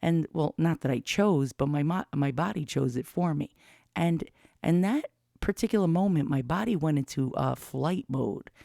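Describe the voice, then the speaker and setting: A fifty-something vlogger talks openly and loosely about her own experiences, not holding back on the swearing. Her voice sits low and sounds creaky yet mellow. The recording is dry, made on a studio mic with a pop filter.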